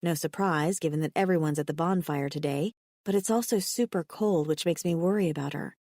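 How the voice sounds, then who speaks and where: Mellow woman narrating an audiobook. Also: fairly quick, no room sound, clean studio sound. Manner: expressive, lifting her pitch for the heroine's dialogue. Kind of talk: first-person romance narration.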